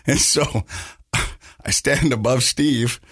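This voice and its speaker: A male podcast host telling a personal story in casual conversation, haltingly, often repeating words as he goes. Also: mid-range voice, fairly even intonation, fairly bright tone, husky, no room sound, clean studio sound. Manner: halting, repeats words while telling, laughs through lighter moments.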